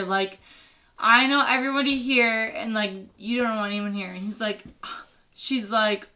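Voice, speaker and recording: A woman's voice: a little high, moderate pace, sharp tone. A young woman retelling a film as comedy, brash and swearing a lot, slipping into sassy character voices.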